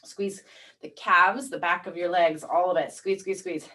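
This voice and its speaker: A woman leading a strength workout, counting down reps and calmly coaching each move. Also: fairly low pitch, unhurried, distant mic. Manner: encouraging counting cues, calm coaching. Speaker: fitness instructor. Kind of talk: guided workout class.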